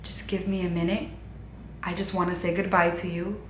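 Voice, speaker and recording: A woman softly doing a sweet, hushed female ghost. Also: on the low side, flat delivery, moderate pace, roomy sound, background noise, close to an everyday voice. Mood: soft, tender. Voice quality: very soft, sweet, near-whispered. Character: gentle female ghost with long black hair.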